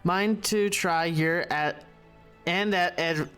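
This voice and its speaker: A gruff, salty tavern keeper, read aloud by a man in a slightly high, clear voice. He trips over the words and starts again as he reads the game's dialogue, with faint game music underneath. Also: slow pace, a bit bright. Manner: reads the game text aloud, stumbling and restarting.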